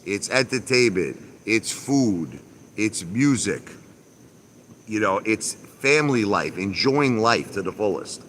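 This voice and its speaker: A man's voice: on the low side, expressive, slow, fairly bright tone, a little hiss or hum. A man live-streaming from his backyard by a pool, ranting casually, repeating himself with emphasis and mild swearing. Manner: repetitive, emphatic, mildly profane.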